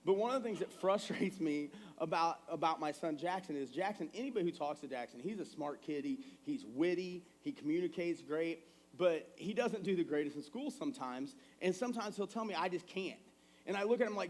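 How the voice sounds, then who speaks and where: A man in his thirties delivers a sermon in a church with a slightly higher-than-usual voice. He talks in a casual, animated way, slipping into quick stories about his kids. His tone stays conversational rather than formal. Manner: conversational, animated storytelling with acted quotes. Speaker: pastor. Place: church sanctuary.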